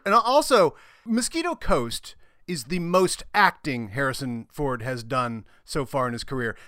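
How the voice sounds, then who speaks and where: A man in a casual film podcast chat, enthusiastic and lively as he argues a point. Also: on the high side, dry recording. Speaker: podcast guest.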